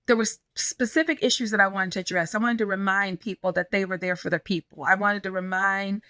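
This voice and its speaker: A woman pastor in an interview, telling stories in an animated way and acting out the dialogue she quotes. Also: medium pitch, fairly quick, dry recording. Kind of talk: conversational interview storytelling.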